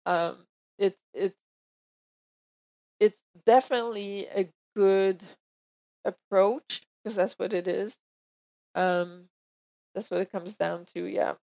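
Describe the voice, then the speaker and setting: A woman's voice: mid-range voice, fairly even intonation, takes it slowly, creaky, long pauses, mellow, lo-fi sound. A woman with a French accent, a medium speaking as an interview guest in casual, thoughtful chat.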